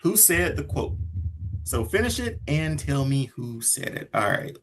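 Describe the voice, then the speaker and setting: A man hosting a casual fan podcast, excitable and playful, often breaking into laughter. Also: on the high side, unhurried, slight background noise. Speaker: host.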